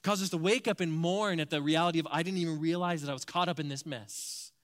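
A man preaching a sermon, animated, acting out quoted voices as he explains a passage. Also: on the high side, fast. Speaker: pastor.

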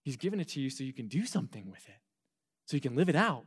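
A young man preaching to a youth group, talking in an earnest, animated way with frequent restarts and stammers. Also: medium pitch, fast, slightly rough. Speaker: youth pastor.

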